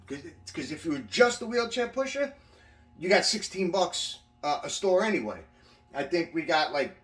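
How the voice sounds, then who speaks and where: A man's voice: high voice, a bit bright, far from the mic. A man casually recounting his prison time, swearing freely and rambling with restarts. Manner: profane, rambling with frequent restarts. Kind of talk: casual storytelling. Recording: echoey room, voice from away from mic.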